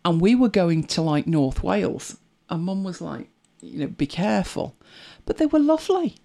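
A middle-aged English speaker chats easily and reflectively, breaking into little laughs and side comments with a conversational flow. The middling-pitched voice swings widely in pitch, at normal speed, creaky and mellow.

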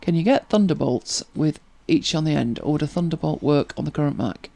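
Casual chat host, easy laughter, restarts sentences, mid-range pitch. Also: expressive, fairly quick, vocal fry, dark tone. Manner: chatty, laughs easily, repeats words when starting. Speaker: host of a tech help show. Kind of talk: casual chat and answering viewer questions.

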